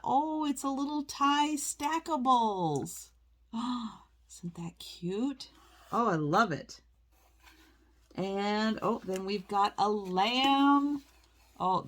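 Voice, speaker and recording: A woman's voice: mid-range voice, fairly bright tone. A woman chatting casually while she unboxes a parcel on her vlog, exclaiming and gasping over each item. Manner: slow, exclaiming, lots of oohs and gasps. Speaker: reseller vlogger.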